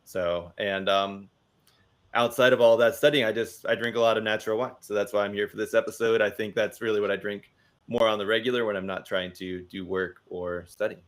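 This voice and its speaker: A man speaking as a guest in a casual interview, relaxed and self-deprecating, on a podcast studio mic. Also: lowish voice, brisk.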